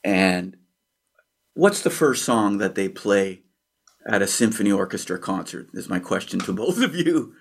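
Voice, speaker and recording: A Canadian percussionist and author tells a childhood story during an interview, acting out quotes and sound effects amid pauses and fillers. His lowish voice has a sing-song quality and vocal fry.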